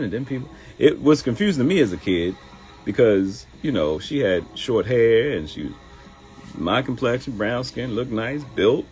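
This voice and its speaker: A middle-aged man, a comedian hosting his own live show, telling stories in an animated, joking way. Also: mid-range voice, moderate pace, soft background music, low-quality recording.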